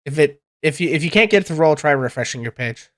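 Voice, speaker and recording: A game master running a tabletop game online, rambling and animated about the rules. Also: medium pitch, fast talker.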